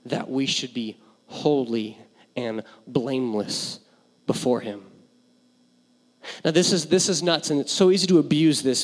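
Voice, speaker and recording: A young man preaching a sermon as a pastor, earnest and candid, stumbling over restarts and building to emphatic passages. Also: mid-range voice. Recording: long hall reverb.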